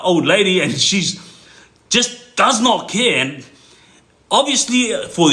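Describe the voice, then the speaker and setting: Bright-voiced man telling a story. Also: fairly high pitch, echoey room. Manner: rambling, many fillers, laughs while telling. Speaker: storyteller, clips page host. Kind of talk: casual storytelling to camera.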